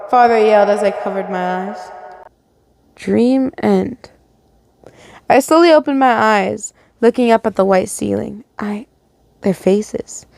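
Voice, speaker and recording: A woman's voice: mid-range voice, creaky, darkish tone, no echo. A woman reading a first-person fan fiction story aloud, stumbling over words and correcting herself, with casual asides.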